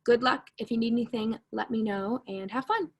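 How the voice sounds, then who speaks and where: A woman's voice: on the high side, brisk, breathy edge. Woman, music teacher, video lesson, patient, repeats herself, jokes at her own slips. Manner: patient, repeats key points, self-correcting with humor. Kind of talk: recorded online music lesson.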